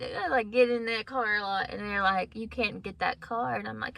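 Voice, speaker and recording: A woman tells a personal story into her phone from the driver's seat, her voice bright and a little high. She talks casually but with a lot of feeling, and her words drift toward tears as she goes. A headache weighs on her delivery. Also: fairly even intonation, moderate pace, gravelly. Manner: emotional, heartfelt, tearful at times. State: has a migraine. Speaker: vlogger. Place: in her car.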